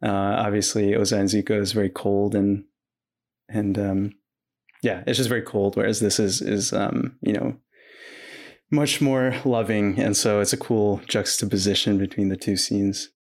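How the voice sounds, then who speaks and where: A man with a somewhat low voice co-hosts a casual podcast. He recaps each scene step by step in a relaxed, unhurried way, with plenty of easy fillers. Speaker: podcast co-host recapping episodes.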